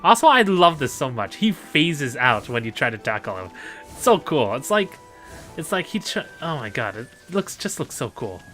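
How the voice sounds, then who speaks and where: A man doing let's play commentary, joking and giggly, excitable about the game. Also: mid-range voice, moderate pace, faint music behind.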